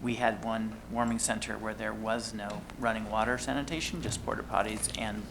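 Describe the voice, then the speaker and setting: Male board member, gravelly mid-pitched voice, casual add-on comments, audible background noise. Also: fairly even intonation, moderate pace. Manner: informal, adding on with ums. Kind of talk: comments at a public board meeting. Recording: meeting recording with background noise.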